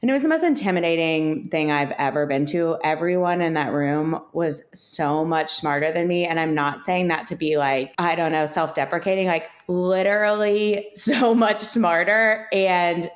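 A woman's voice: fairly low pitch, normal speed, few pauses. A woman in her thirties co-hosting a podcast, telling a story in casual chat and acting out the quoted lines. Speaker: podcast co-host.

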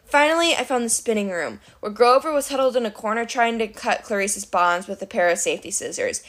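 A woman reading a novel aloud in storybook narration, with an animated, wry delivery. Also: on the high side, a little fast, few pauses. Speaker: reader of a novel.

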